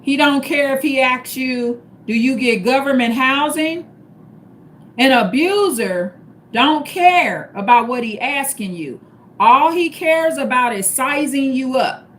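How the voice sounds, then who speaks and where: Give me a woman hosting a casual live stream, high-pitched and unhurried, driving her point home. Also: animated. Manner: repetitive, emphatic, spells points out step by step. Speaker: livestream host. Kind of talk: casual advice monologue.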